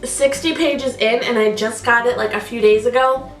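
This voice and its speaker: A woman's voice: steady tone, normal speed, recorded from a distance. Chatty woman vlogger in an echoey room. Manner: chatty, gushing, repeats "so good" and "highly suggest". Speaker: beauty vlogger. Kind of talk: casual favorites review. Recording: echoey room, voice a bit off-mic, soft music. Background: faint background music.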